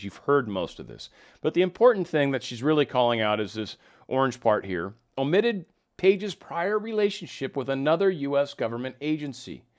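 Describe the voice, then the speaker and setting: Chatty man doing casual commentary. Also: mid-range voice. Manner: chatty, wry asides, reads documents aloud. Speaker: political commentary vlogger.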